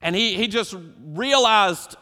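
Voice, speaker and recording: A man's voice: high voice, lively intonation, takes it slowly, pushed and bright. A man preaching a sermon as pastor, emphatic and preacherly, putting questions to his congregation. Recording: long hall reverb.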